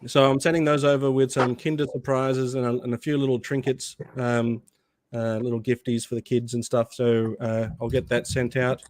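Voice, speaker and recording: A man's voice: mid-range voice, flat delivery, moderate pace, darkish tone. An Australian man chatting casually as co-host, talking easily and laughing often. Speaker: podcast co-host. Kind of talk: casual chat.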